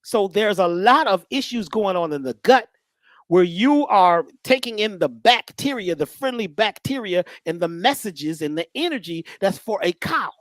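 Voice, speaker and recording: A woman giving a casual, storytelling lecture, with a lively voice that rises and falls widely. She talks to the listener directly and slips into funny character voices. The sound is dry and close. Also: mid-range voice, moderate pace, dry recording. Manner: conversational, animated, acts out voices.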